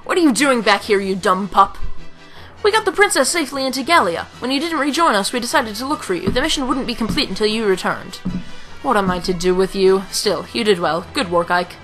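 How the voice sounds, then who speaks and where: A woman reading the lines of a gruff, older male mercenary commander in a blunt, commanding way. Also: medium pitch, animated, brisk, a bit bright, faint music behind, lightly acted, poor audio. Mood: stern.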